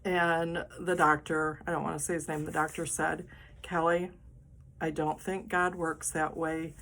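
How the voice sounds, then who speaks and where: A middle-aged woman, the host, telling a personal story in a casual, animated and dramatic way. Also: deep voice, unhurried.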